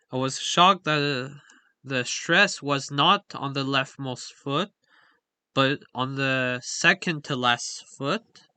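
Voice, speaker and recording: A man's voice: medium pitch, bright, forceful tone, clear, resonant tone, no echo. A man explaining a language's stress patterns in a casual, hesitant way, full of fillers and self-corrections. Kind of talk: casual explainer with on-screen examples.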